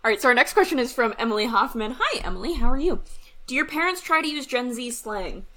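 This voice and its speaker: A woman's voice: on the high side, lively intonation, bright, forceful tone. Bubbly young woman podcast co-host. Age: young adult. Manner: bubbly, teasing, quick to laugh. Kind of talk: casual podcast chat.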